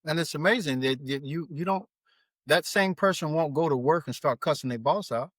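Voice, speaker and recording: A man's voice: fairly high pitch, fairly quick, no room sound. A man talking as a marriage coach on a podcast, acting out his clients' words in quotes as he tells stories. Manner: animated, acts out clients' lines in quotes. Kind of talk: podcast conversation.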